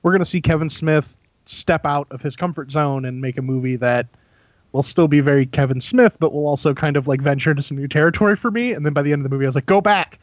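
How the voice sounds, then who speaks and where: A man's voice: on the high side, quick pace, no echo. A man co-hosting a podcast in casual chat, laid back with dry humor. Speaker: podcast co-host. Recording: dry dull lo-fi sound.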